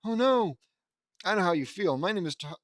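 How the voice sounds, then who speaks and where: A man's voice: sits high, lively intonation, moderate pace, fairly bright tone, dry recording. A man reading the lines of a brave winged young heroine in a fan story. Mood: earnest.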